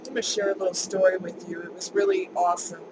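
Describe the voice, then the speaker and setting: A woman's voice: on the low side, level tone, fast, noisy background. A woman vlogger telling a personal story in a chatty, emphatic way, repeating words for stress.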